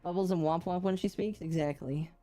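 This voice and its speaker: A woman with a lowish voice chats casually while she streams a game. She answers her chat and makes playful jokes. Faint game music plays underneath her. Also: brisk, dark tone. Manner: chatty, reads and answers chat, playful puns.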